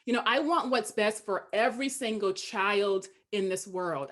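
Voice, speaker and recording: A woman from Charleston, South Carolina with a Southern accent, speaking as an education dean on a panel in an earnest, measured way. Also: mid-range voice, a bit bright. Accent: Southern American. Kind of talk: panel discussion.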